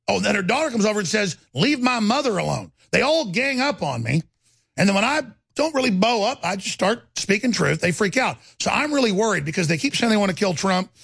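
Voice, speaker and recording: A man's voice: high voice, fairly bright tone, no echo. A middle-aged man hosting talk radio, rambling and stammering in a heated monologue, his voice jumping up when riled. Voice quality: gravelly, husky. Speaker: radio talk show host.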